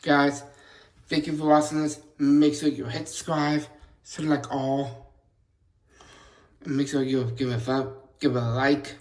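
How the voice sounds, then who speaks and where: A man's voice: mid-range voice, little pitch movement, unhurried, long pauses. A man talking casually to camera as a vlogger, rambling and often restarting and correcting himself mid-sentence. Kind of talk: casual vlog chat to camera.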